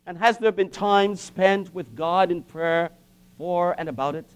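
A man preaching a sermon in an impassioned way, with dramatic pauses and repetition. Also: sits high, clear, resonant tone.

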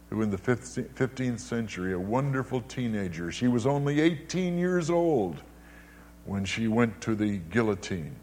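An older male preacher delivering a sermon in an emphatic, dramatic way. His voice sits in an ordinary middle pitch, but he swings widely between loud, high emphasis and low, hushed phrases, and he often repeats his words for weight.

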